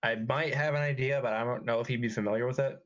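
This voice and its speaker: A man chatting on an online voice call before an improv game, talking in halting restarts and swearing often. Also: mid-range voice, fairly even intonation, fairly bright tone, lo-fi sound. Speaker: improv player. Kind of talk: casual chat on a voice call. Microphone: online voice chat mic.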